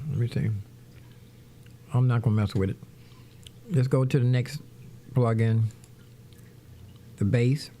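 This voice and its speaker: Relaxed mellow-voiced man chatting on a livestream. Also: medium pitch, a little hiss or hum. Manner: rambling, talks to viewers as "y'all". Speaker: livestream host, musician. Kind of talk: casual livestream chat while setting up music software. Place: home studio.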